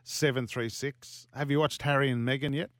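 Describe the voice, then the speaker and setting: A man's voice: medium pitch, steady tone, moderate pace, no room sound. A man hosting a sports radio show, bantering jokily and laughing often. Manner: jokey, laughs often, plays up fun facts. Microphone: studio mic.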